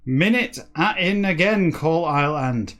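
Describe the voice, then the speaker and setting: A man reading a book aloud for comedy, breaking off into dry, deadpan asides. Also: fairly high pitch, slow pace. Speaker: comic reader.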